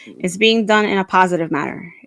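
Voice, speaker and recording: A woman's voice: fairly low pitch, fairly quick, vocal fry, fairly bright tone, dry recording, studio quality. A woman co-hosting a casual podcast chat, chatty and laughing often. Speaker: co-host.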